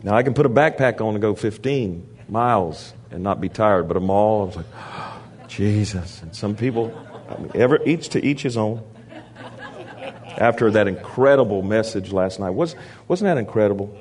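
Guy preaching w/ funny stories, keeps cracking up, fairly low voice. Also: moderate pace. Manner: animated, laughs often while telling stories. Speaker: guest preacher. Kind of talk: storytelling sermon.

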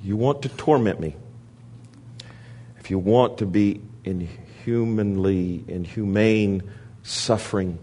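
A man preaching to a church, telling animated stories and laughing often between lines. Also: fairly low pitch, slow pace. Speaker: guest preacher. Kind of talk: storytelling sermon.

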